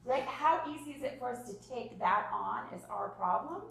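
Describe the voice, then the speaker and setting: A woman in her thirties giving a parenting workshop, animated and acting out little scenes of parents and children. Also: on the high side, normal speed, creaky. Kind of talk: live workshop talk. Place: room with live audience. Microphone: distant room mic. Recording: echoey room from far off.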